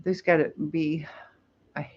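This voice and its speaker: A woman's voice: low-pitched, level tone, a little slow. A woman from the United States hosting a casual live chat, rambling and laughing as she reads viewer comments. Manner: chatty, rambling, laughs easily. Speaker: livestream host. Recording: dull lo-fi stream audio.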